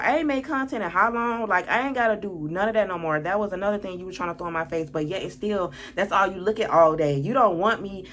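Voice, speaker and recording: A woman's voice: mid-range voice, fast, fairly bright tone, a little hiss or hum. A woman telling a storytime vlog, reading text messages aloud, blunt and exasperated, swearing often. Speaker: lifestyle vlogger.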